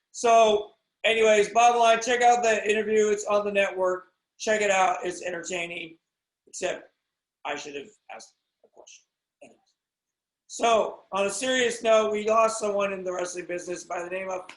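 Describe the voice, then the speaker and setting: A high-voiced American man hosts a wrestling podcast in a loose, rambling monologue. He swings from loud excited bursts to low muttered asides and keeps cutting himself off. The sound is roomy and echoey. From United States.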